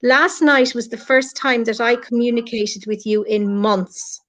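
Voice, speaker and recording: A middle-aged Irish woman, a guest on a live stream, speaks earnestly and from the heart, addressing her critics directly in emotional chat. Her voice is on the high side, fairly bright, and a little slow, heard through lo-fi online stream audio.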